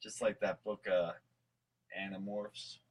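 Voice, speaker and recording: A low-pitched man with a level tone speaks a little slowly on a rough recording, co-hosting a casual podcast chat. Tipsy from mead, he rambles, acts goofy, laughs often and swears, reading from a list between jokes.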